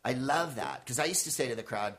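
A middle-aged man, a stand-up comedian and guest, telling rambling, animated stories in casual conversation and acting out other people's voices. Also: medium pitch, fast, slightly rough. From United States (San Francisco).

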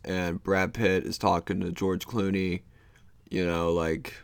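A man's voice: low-pitched, vocal fry, no room sound. A young man hosting his own podcast, rambling casually with many fillers and loose, meandering thoughts. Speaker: podcast host.

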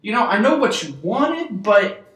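A man's voice: high-pitched, sing-song, measured pace, a bit bright, reverberant, faint music behind, full character voice. A man playing a nervous, eager-to-please waiter who stammers and hesitates in a live comedy skit. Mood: muddled. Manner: stammering, hesitant, over-accommodating.

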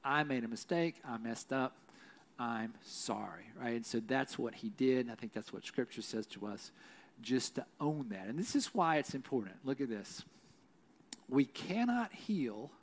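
A middle-aged man preaching a sermon in a conversational way, often adding "right?" and slowing to a hush on key lines. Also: mid-range voice, expressive. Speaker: pastor.

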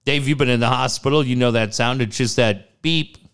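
Speaking at a moderate pace with a clean tone, a man recounts something that happened to him in relaxed conversation. When he quotes people, he acts them out with lively, dramatic jumps in pitch.

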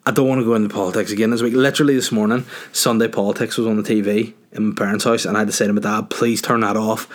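A man's voice: on the low side, little pitch movement, racing, hardly any pauses. Crude joking Northern Irish guy. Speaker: podcast host answering listener questions. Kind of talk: casual chat.

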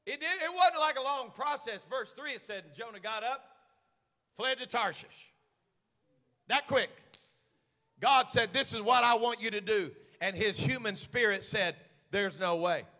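High, bright-voiced preaching man. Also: measured pace, big-room sound. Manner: swings from hushed asides to shouted preaching. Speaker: pastor. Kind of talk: sermon.

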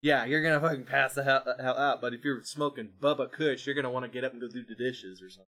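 A man's voice: medium pitch, fast. A young man co-hosting a podcast, chatting casually and acting out the people in his stories. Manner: animated storyteller, acts out voices in anecdotes. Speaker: podcast co-host. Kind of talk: casual chat.

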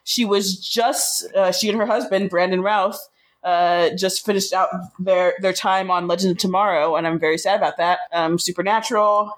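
A woman co-hosting a podcast, chatting casually with quick joking asides and many fillers. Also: on the low side, steady tone, slight background noise. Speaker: podcast co-host. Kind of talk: casual recap chat.

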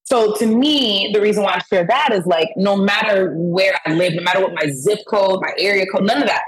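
A woman's voice: medium pitch, a little fast, slightly rough, low-quality recording. A woman from Brooklyn with a New York accent, a guest talking casually and emphatically, laughing often. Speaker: guest musician. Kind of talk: casual interview over the phone. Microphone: phone call.

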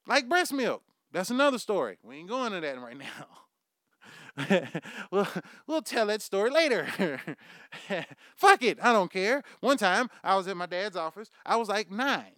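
A man's voice: high voice, very animated, unhurried, bright, forceful tone, no room sound, studio quality. A man hosting his own podcast, delivering a profane comic monologue and laughing at his own jokes. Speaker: podcast host.

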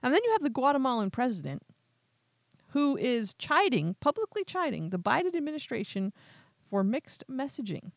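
A woman hosting her own news commentary show, her voice rising and falling in wide, lively swings as she turns sarcastic and incredulous. She sits a little higher than most women and sounds close and dry, with no room around her. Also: moderate pace, dry recording. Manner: quotes others in animated retellings. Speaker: political commentary host.

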